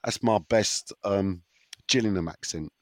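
A man's voice: lowish voice, measured pace, no room sound. A man with a sore throat hosting a listener question segment in casual podcast chat, rambling and teasing, often tripping over his words.

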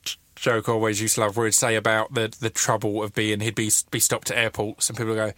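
A man's voice: lowish voice, level tone, fast, hardly any pauses, fairly bright tone, dry recording. A man hosting a podcast, chatting in a rambling, self-deprecating way with frequent restarts. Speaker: podcast host. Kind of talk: casual chat.

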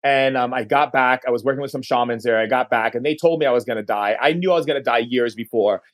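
A man with a medium-pitched voice shares a long, heartfelt personal story as a podcast guest. He restarts phrases here and there and eases his pace when the story reaches key moments.

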